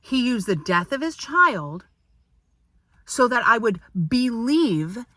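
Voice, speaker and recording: Indignant woman ranting, bright voice. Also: on the high side, sing-song, slow, no echo. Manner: indignant and exasperated, with repeated rhetorical questions. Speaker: vlogger; parent and business owner. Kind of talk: ranting complaint to camera.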